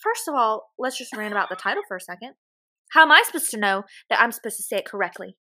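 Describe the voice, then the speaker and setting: A woman with a Southern US accent chats casually as a podcast co-host. Her voice is bright and a bit high, and she tells stories in an animated, chatty way. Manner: chatty, animated storytelling with quick laughs. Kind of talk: casual chat.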